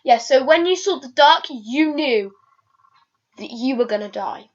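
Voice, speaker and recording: A woman vlogger with a fairly high voice sounds animated yet speaks a little slowly, captured on dull lo-fi audio. Her casual talk rambles, stalls hesitantly, and keeps restarting, peppered with plenty of ums and uhs.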